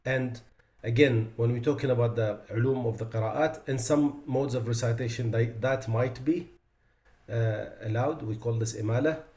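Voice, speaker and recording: A man teaching Quran recitation, explaining pronunciation mistakes and slowly demonstrating the right and wrong sounds. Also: medium pitch, steady tone, darkish tone. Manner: demonstrates pronunciations slowly and with emphasis, then explains in plain speech. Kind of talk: tajweed lesson. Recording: echoey room.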